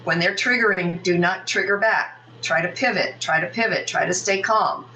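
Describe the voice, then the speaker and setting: A woman's voice: fairly low pitch, normal speed, pushed and bright, recorded from a distance, rough recording. A middle-aged woman, a podcast guest, telling a frank personal story in vivid detail, acting out what people said and swearing now and then. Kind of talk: emotional personal storytelling in an interview.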